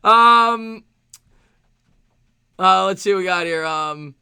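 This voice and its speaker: A man's voice: sits high, creaky, bright, forceful tone, smooth, dry recording, studio quality. A man with a New York accent hosting a casual live-stream Q&A, reading viewer questions and answering with lots of fillers and repeated phrases. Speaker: sports stream host.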